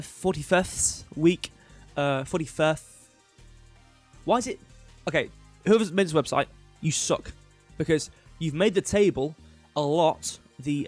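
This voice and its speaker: A young man hosting a casual crypto livestream, rambling with lots of fillers and offhand jokes. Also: a little high. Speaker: crypto news host.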